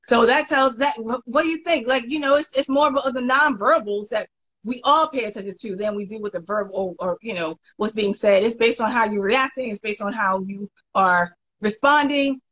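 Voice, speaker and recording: Woman host, casual chat, emphatic, restarts phrases, fairly high pitch. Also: moderate pace, fairly bright tone, low-quality recording.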